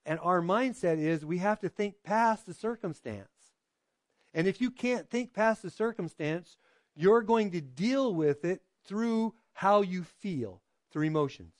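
A man with a high-pitched voice delivers a conversational sermon, recorded dry with little room sound. He keeps checking in with his listeners and slips into quoted voices as he goes. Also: animated, unhurried, dry recording. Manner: conversational preaching, frequent "right?" checks with the congregation. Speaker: pastor.

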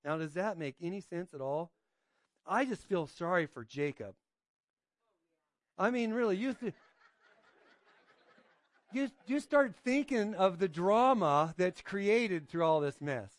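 A pastor giving an informal sermon, reading scripture and asking his listeners questions, often adding "right?" and pausing on fillers. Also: high voice, expressive, dry recording. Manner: hesitant, with frequent fillers and restarts.

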